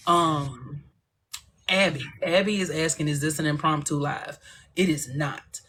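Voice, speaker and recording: A woman's voice: low voice, fairly bright tone, a little hiss or hum. A woman from northern Louisiana with a country Southern accent, hosting a casual livestream, chatty and playful as she reads out viewer comments. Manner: playful, chatty, teasing, quick asides. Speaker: livestream host. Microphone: phone livestream.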